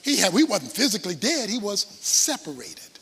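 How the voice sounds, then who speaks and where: Male preacher, high bright husky voice, lively dramatic delivery, echoey hall. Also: normal speed. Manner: dramatic preaching, swings between shouts and hushed asides. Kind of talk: sermon.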